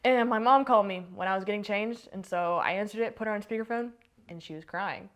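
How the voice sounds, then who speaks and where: A woman's voice: medium pitch, fast talker. Young woman, soccer player, documentary interview, chatty, lots of fillers, mid-range voice. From United States. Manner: chatty, filler-heavy storytelling.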